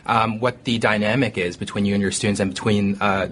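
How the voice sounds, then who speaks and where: A man's voice: fairly low pitch, fairly even intonation, a little fast, a bit bright, slight background noise. A man, a teacher guest on a casual podcast, reflecting on teaching in a hesitant, thoughtful way. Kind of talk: casual chat.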